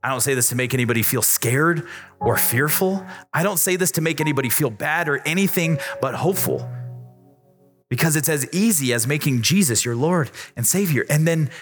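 Faint music plays behind a man speaking briskly. He's a youth pastor giving an emphatic, repetitive sermon in a church youth room, and his pitch rises when he gets worked up.

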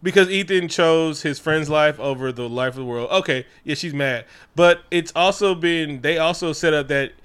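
A man co-hosting a casual movie recap chat, animated and profane, acting out characters' lines. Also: on the high side, moderate pace, hardly any pauses, smooth. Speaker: podcast co-host.

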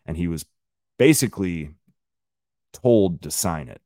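A man's voice: sits low, animated, unhurried, mellow, dry recording, clean studio sound. A man hosting a solo podcast, ranting bluntly and profanely while talking straight to his listeners. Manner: conversational, addresses listeners directly. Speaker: podcast host.

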